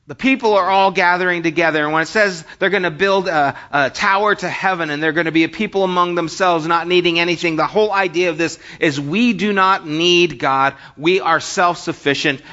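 A man's voice: a little high, pushed and bright. An American man preaching a sermon in a conversational way, reading scripture aloud and telling funny stories. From United States. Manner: conversational, reads scripture and tells jokes. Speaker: pastor. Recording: dull lo-fi recording.

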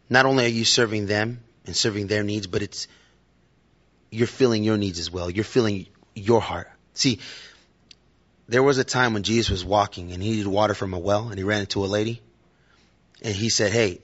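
A man's voice: on the low side, lo-fi sound. A man giving a casual, conversational sermon to his church and joking with the audience. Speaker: lay preacher. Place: church hall.

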